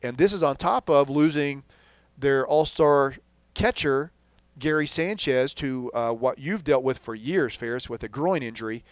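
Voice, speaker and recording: A man's voice: mid-range voice, unhurried, no room sound. Rambling man talking sports, dry close mic. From Texas. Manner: rambling, trails off quietly at sentence ends. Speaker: podcast co-host. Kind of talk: casual sports chat.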